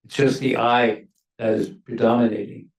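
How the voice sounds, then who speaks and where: An older man, a former ambassador, speaking on a university panel in a measured, emphatic way that leans on key words. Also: mid-range voice, little pitch movement, creaky, darkish tone. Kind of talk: panel discussion remarks. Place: university lecture hall. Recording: echoey hall, mic at a distance.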